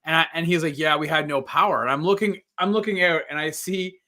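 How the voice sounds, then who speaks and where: A middle-aged man chats casually on a live podcast show. His voice is bright and a touch high, and he tells stories with animated, acted-out dialogue. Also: fast talker. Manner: animated storyteller acting out quotes. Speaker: podcast co-host. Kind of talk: casual chat.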